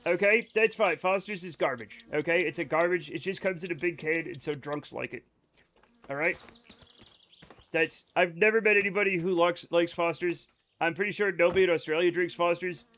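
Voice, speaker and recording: A man streaming a game live, chatting casually to his viewers in a rambling, self-mocking way with sudden excited outbursts. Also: sits high, moderate pace, slight background noise. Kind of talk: casual gameplay commentary to chat.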